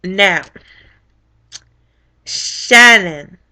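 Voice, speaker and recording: A young woman casually recapping a reality show, blunt and profane, with animated storytelling. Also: medium pitch, extremely slow.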